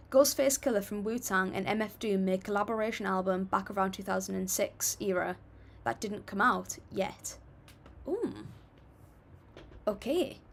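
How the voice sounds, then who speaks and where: A woman's voice: medium pitch, vocal fry. A young British woman hosting a livestream, casually reading viewer comments aloud and answering them in a friendly, chatty way. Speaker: livestream host reacting to music.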